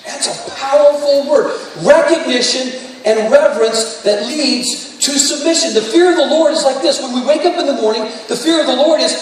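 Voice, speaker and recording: A man's voice: very high voice, expressive, brisk. A man preaching a sermon, telling stories and then rising into fervent exhortation. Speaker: pastor. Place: large church sanctuary. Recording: distant echoey hall, faint room noise.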